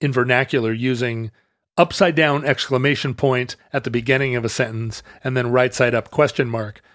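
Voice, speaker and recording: A man's voice: mid-range voice, fairly even intonation, moderate pace, fairly bright tone, dry recording, studio quality. A man co-hosting a casual chat, musing aloud and often restarting his thoughts.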